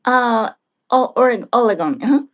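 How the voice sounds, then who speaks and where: A woman practicing English conversation, hesitant and halting, often asking for repeats and answering with short backchannels. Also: a little high, animated. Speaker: English learner.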